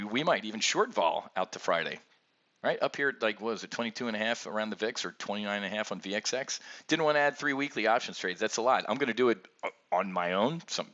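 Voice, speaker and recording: A man's voice: lowish voice, a bit bright, lo-fi sound. A man giving blunt, sarcastic market commentary on options trading, ranting and addressing viewers directly.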